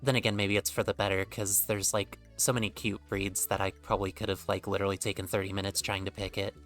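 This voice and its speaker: A man's voice: low-pitched, level tone, fast talker, a bit bright, soft background music. A man streaming a game, chatting casually, rambling and joking with offhand swearing. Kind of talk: casual gameplay commentary.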